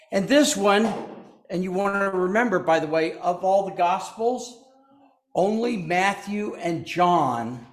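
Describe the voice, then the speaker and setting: A man preaching a sermon as pastor, speaking in a folksy way and joking with the congregation between points. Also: high voice. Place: church sanctuary. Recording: echoey church.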